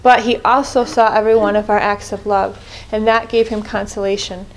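A woman's voice: mid-range voice, little pitch movement, brisk. A woman leading a group prayer reflection in an earnest way, often restarting and correcting herself mid-sentence. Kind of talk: spoken reflection on scripture.

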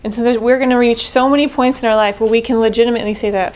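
A woman's voice: a little high, flat delivery, fast, darkish tone, a little hiss or hum. A woman leading a group prayer reflection in an earnest way, often restarting and correcting herself mid-sentence. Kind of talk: spoken reflection on scripture.

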